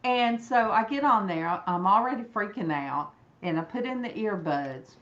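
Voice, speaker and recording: A woman's voice: mid-range voice, moderate pace, highs cut off. Rambling Alabama woman telling a story. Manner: animated, rambling, acts out quoted voices. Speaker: host. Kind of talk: casual storytelling chat. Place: room indoors, echoey.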